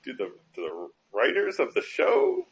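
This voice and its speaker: A man's voice: mid-range voice, wildly swooping pitch, moderate pace, vocal fry, low-quality recording. Hesitant man playing a tabletop game. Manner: hesitant, stammering. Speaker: player. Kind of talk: casual tabletop play.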